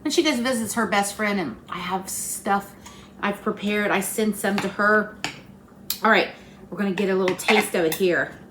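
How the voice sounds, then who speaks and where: With a medium-pitched voice at a moderate pace, this Appalachian cooking host bakes in her kitchen and talks folksily to her audience. Background noise can be heard during the casual demonstration.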